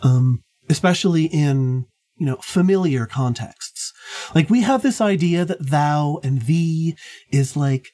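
A woman's voice: sits low, lively intonation, unhurried, warm tone. A woman hosting a casual book discussion, explaining points at length with many fillers. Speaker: podcast host.

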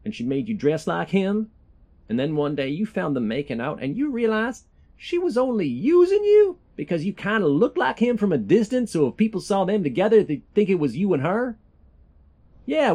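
A man's voice: sits high, a little mellow, full character voice. A man doing a rambling Southern hillbilly preacher. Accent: put-on generic American Southern. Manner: preachy, rambling, folksy drawl. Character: rambling hillbilly male preacher, folksy and crude. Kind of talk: comedic sermon parody.

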